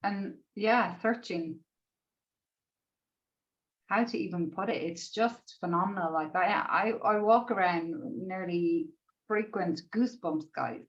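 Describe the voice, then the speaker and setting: A woman's voice: on the low side, slow pace, lo-fi sound. A woman in a group coaching call, sharing emotionally and rambling with lots of "like" and the odd swear word, near tears. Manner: gushing, rambling, heavy on "like", swears. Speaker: participant in a group coaching session.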